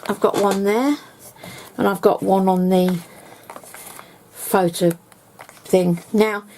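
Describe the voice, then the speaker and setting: A woman's voice: medium pitch, warm tone, slight background noise. A woman giving a casual, rambling craft tutorial, explaining step by step at home.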